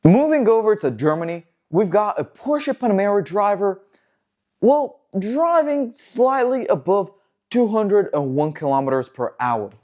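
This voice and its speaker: A man hosts a car news vlog in a loose, joking commentary style. His pitch swings widely and lively from phrase to phrase, and his tone stays sarcastic and playful. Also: a little slow. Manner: jokey, sarcastic, animated. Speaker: host of a car news show.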